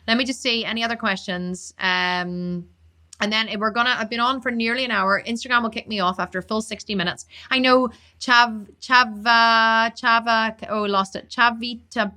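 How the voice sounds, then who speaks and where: Her voice fairly high, a bodybuilder and fitness coach takes viewer questions during a casual livestream. She talks extremely quickly and emphatically, doubling up words to stress them.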